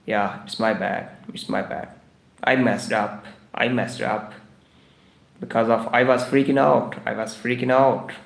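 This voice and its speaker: A man's voice: mid-range voice, fairly even intonation, a little slow, gravelly, roomy sound. A man teaching English idioms on a live stream, repeating each phrase several times in broken English. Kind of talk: livestreamed English idiom lesson. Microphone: live stream microphone.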